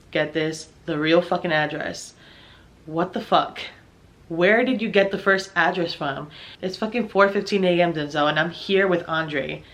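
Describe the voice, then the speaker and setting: A young woman with a somewhat low voice tells a personal story aloud. She swears freely and sounds exasperated, slipping into the voices of the people in it as she goes. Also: a bit bright. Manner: profane, exasperated, acts out dialogue. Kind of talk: storytime narration.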